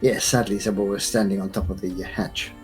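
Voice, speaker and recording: A man speaking as a player in a tabletop game, talking haltingly with restarts. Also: deep voice, fairly even intonation, soft background music. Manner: halting, stumbling speech with laughs. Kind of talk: casual tabletop play.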